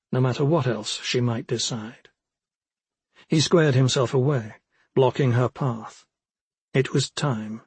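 A man narrating a fantasy audiobook in a husky voice, with measured, even storytelling. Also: mid-range voice, no echo.

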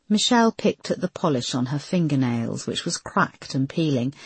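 A woman narrates an audiobook, measured and expressive. Her voice sits low and husky, with lively pitch movement. The sound is dry and close. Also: no echo. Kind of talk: scripted narration.

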